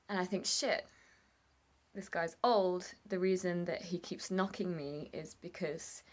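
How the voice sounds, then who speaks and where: Tearful young woman vlogging. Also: mid-range voice. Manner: candid, emotional, swears casually, speaks to camera. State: tearful at times. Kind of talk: personal confessional vlog.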